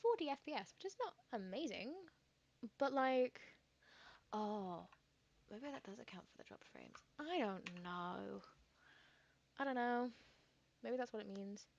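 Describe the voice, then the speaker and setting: A woman's voice: medium pitch, expressive, unhurried, vocal fry, long pauses, highs cut off. A woman, chatting casually and thinking aloud while streaming a game, with lots of fillers and rambling asides. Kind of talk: casual gameplay commentary.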